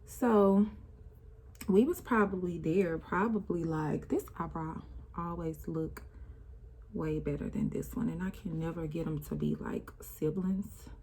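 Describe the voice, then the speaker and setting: A woman's voice: on the low side, a little slow, darkish tone, a little hiss or hum. A young woman talking through an emotional personal story while doing her makeup, with a casual, rambling, conversational delivery and speech. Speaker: vlogger.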